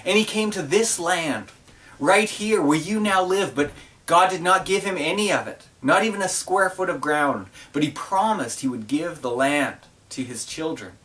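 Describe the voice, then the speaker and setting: A calm accused man addresses his judges with compassion and earnest warmth, as a preacher retells it. His voice sits slightly high for a man. It is heard from a distance in a church. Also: moderate pace.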